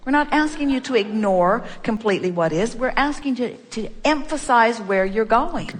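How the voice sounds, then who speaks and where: A woman's voice: a little high, lively intonation, moderate pace. A woman giving a motivational seminar talk, speaking as a collective "we" in a playful, repetitive way. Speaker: inspirational speaker.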